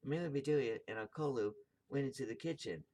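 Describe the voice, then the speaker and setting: A man's voice: medium pitch, quick pace, dark tone. A man reading a children's picture book aloud, tripping over words and correcting himself. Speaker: video host reading aloud.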